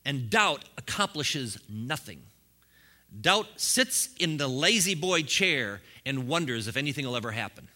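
A pastor preaches to his congregation at a measured pace in a medium-pitched voice, very animated as he swings between quiet asides and loud, fiery bursts, chuckling often.

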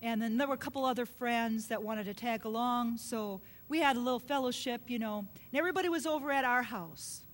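A middle-aged woman preaching a sermon, telling a personal story earnestly and dropping to a soft hush at emotional points. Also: brisk, few pauses. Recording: long hall reverb with faint low rumble.

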